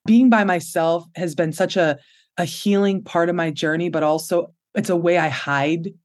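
A woman's voice: on the low side, steady tone, normal speed. A woman hosting a podcast, speaking openly and reflectively in casual conversation. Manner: open and reflective, with short affirmations.

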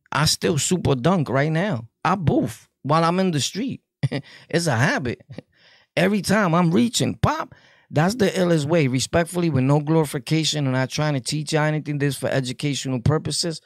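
A man's voice: medium pitch, creaky, no echo, studio quality. A man with a New York accent telling prison stories in a casual, joking way, laughing often and using heavy street slang. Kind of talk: casual storytelling to camera.

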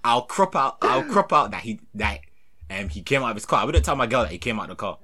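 A young man, co-hosting a podcast with animated, slangy storytelling over a video call. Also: medium pitch, quick pace, breathy edge. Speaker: podcast co-host. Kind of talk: casual chat.

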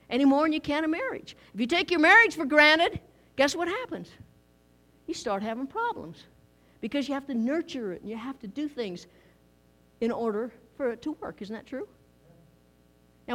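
A middle-aged woman preaching a conversational sermon in a church, lively and folksy, asking the congregation questions. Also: sits high.

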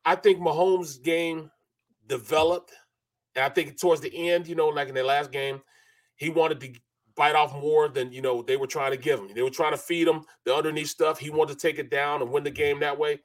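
A middle-aged man talking football in casual sports radio chat. His voice sits a bit high for a man, and he rambles in a relaxed way, leaning on "you know" and starting over as he goes. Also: normal speed. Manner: rambling, loose delivery full of "you know" and restarts.

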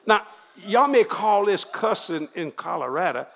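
Gravelly older Cajun preacher. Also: male voice, high voice, a little slow. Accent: Louisiana Cajun. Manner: folksy, animated, drawling. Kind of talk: storytelling sermon to a congregation.

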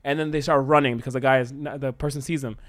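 A man brainstorming a story idea in casual conversation, acting out his characters' lines as he pitches them. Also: quick pace. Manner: animated, acts out characters' lines mid-pitch.

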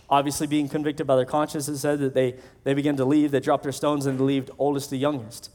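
A man's voice: mid-range voice, steady tone, quick pace, few pauses, darkish tone. A male pastor preaching a sermon in a conversational way, acting out the voices of the people he quotes.

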